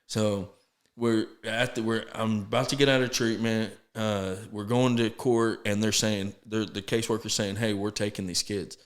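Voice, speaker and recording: A man with a fairly low voice tells his story as a podcast guest. He speaks earnestly and haltingly, starts sentences over, and acts out what others said to him. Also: steady tone. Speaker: podcast guest, sober living founder. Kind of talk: casual storytelling interview.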